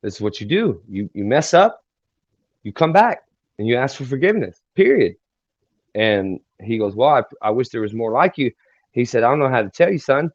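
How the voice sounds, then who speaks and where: Man, interview guest, rambling halting delivery, flat dead-dry lo-fi audio. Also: medium pitch, no echo. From Texas. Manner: rambling, halting, many fillers and restarts. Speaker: guest singer-songwriter. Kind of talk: casual storytelling interview. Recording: dry, dull lo-fi sound.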